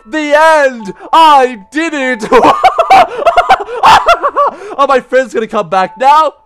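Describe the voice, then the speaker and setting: A shrill, frantic puppet. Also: male voice, lively intonation, a little slow, loud music behind the voice. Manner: shrieking and yelling, then sudden mumbles. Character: shrill frantic male puppet, jumpy and easily rattled. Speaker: let's play commentator. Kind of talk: in-character game commentary.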